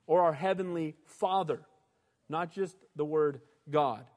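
A male pastor delivering an emphatic, animated sermon and often calling for amens. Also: on the high side, a little slow. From United States. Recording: reverberant hall.

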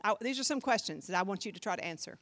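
A woman pastor preaching a sermon in an animated, emphatic way, speaking directly to her congregation. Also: mid-range voice, very fast.

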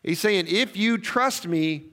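A man preaching a sermon, telling stories in a conversational way with quick asides and questions to the congregation. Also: sits high, fairly bright tone. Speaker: pastor.

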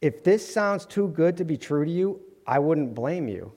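A man's voice: on the high side, animated, moderate pace, darkish tone. A man delivering an earnest sermon to his congregation, with light humorous asides. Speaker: preacher. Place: church sanctuary. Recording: long hall reverb.

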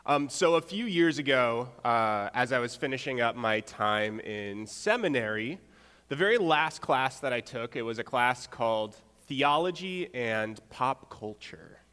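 Man, young adult, pastor, casual sermon delivery, wry asides, mid-pitched voice, long hall reverb. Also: unhurried, clear, resonant tone. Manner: relaxed, with rhetorical check-ins and wry asides. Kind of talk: conversational sermon.

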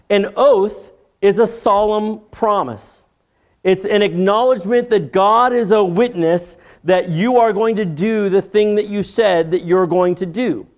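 A man preaches through a Bible passage in a calm, measured teaching voice. His voice sits high for a man, and he takes his time, adding the occasional dry aside. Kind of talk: expository sermon.

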